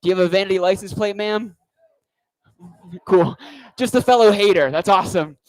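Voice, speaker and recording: On a club stage, a man works through a stand-up comedy set into a handheld mic, wry and rambling. His voice sits high at a moderate pace, and the recording is dry and rough.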